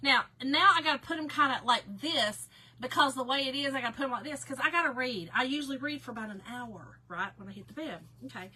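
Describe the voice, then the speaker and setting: A woman hosting a casual livestream, telling a story to her viewers in an animated way and often breaking into laughter. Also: sits high, fast talker, breathy edge. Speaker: livestream host.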